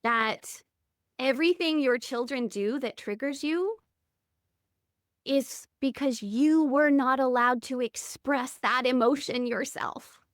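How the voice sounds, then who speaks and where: A woman's voice: high-pitched, slow pace, dry recording, clean studio sound. A woman in her thirties, a podcast guest telling personal stories in an earnest, candid way. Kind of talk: reflective interview conversation.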